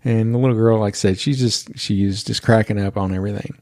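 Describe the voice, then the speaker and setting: A man's voice: fairly low pitch, fairly even intonation, fast talker, darkish tone, no echo, studio quality. A man hosting a podcast, telling a story in a chatty way and laughing as he goes. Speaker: podcast host. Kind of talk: casual storytelling.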